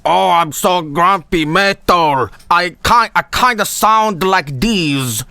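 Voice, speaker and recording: A man putting on a slow, drawn-out, mock-grumpy parody of how others imitate him. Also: sits high, vocal fry, bright, forceful tone, clean tone, dry recording, voice pushed up, full character voice.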